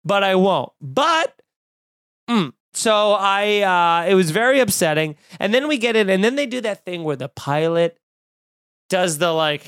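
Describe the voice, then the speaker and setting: A man tells a story on a podcast in a loose, ranting way, piling on exaggerations and jokes. His voice sits high for a man. The sound is dry and close, with no room around it. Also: measured pace, clean tone, no echo. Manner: animated ranting, exaggerated and jokey. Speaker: podcast co-host. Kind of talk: casual storytelling chat.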